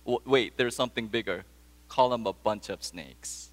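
In a big-sounding room, a pastor gives a sermon made up of stories and questions for the congregation. He speaks in a mid-range voice at a moderate pace.

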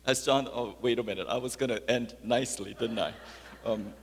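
A man preaching a sermon as pastor, dropping soft and low, then rising to loud, high emphatic peaks. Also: moderate pace, vocal fry, breathy edge. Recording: long hall reverb.

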